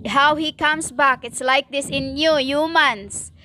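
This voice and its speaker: High, slow stern woman preaching. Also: steady tone, bright, forceful tone. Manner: stern, emphatic, halting with many fillers; non-native English grammar. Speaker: self-styled prophetic preacher. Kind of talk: religious monologue.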